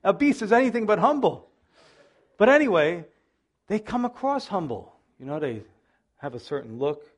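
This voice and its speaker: A middle-aged man preaching a sermon as pastor, animated and acting out the voices of people he quotes, with self-deprecating humor. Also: high voice, moderate pace, pauses often. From Italian-American background.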